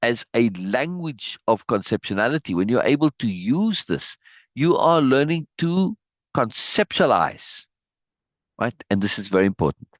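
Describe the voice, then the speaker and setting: Animated man reading aloud. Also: mid-range voice, unhurried, dry recording. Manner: animated, laughing asides, repeats words when restarting. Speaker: teacher reading aloud and commenting on a book. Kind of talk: reading a passage aloud with asides.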